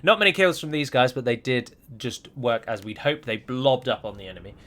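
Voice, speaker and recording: A man's voice: medium pitch, a little fast, a bit bright. A man commenting on his own strategy game, chatty and wry, asking his units what they are doing. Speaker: gameplay commentator.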